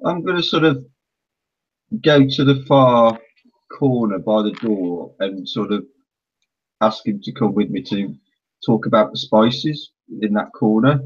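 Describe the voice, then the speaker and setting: A man's voice: lowish voice, animated, unhurried, slightly rough. A man playing a tabletop game, talking hesitantly with many fillers and a polite tone. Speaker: tabletop player. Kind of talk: in-character roleplay and table talk. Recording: dull lo-fi recording.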